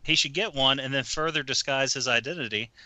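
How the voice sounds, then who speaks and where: A man co-hosting a casual podcast chat, joking and pausing with fillers. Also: mid-range voice, bright, forceful tone, dry recording. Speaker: podcast co-host.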